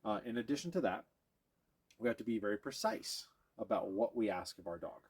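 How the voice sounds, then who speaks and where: This lowish male voice moves quickly, swings widely in pitch, and has a breathy edge. He's teaching dog training on camera, walking viewers through each step while pausing at times to encourage or coax the dog he's handling.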